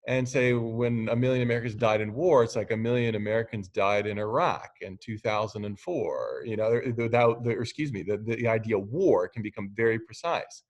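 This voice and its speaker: A man's voice: fairly low pitch, fairly quick, hardly any pauses, lo-fi sound. Man giving a conversational lecture. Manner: conversational, teasing, with fillers and restarts. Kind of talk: recorded lecture.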